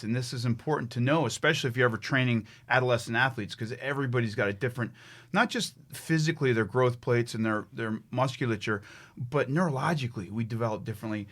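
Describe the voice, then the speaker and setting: A man's voice: mid-range voice, fairly bright tone. A middle-aged man from the United States, a fitness trainer who is a guest on a podcast. He tells a story animatedly and emphatically, with many restarts. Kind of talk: conversational storytelling.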